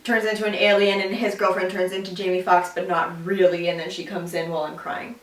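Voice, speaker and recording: A woman's voice: lowish voice, a little fast, distant mic. A young woman co-hosting a podcast, telling stories in casual chat with lots of swearing and laughter. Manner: animated storytelling, swears, laughs often. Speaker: podcast co-host. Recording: echoey room, voice off-mic.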